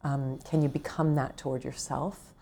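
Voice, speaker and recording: A woman's voice: very deep voice, little pitch movement, normal speed, gravelly, a little hiss or hum. A middle-aged woman author talking earnestly and intimately about self-compassion in a casual conversation. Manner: earnest, warm, gently intimate. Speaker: author guest.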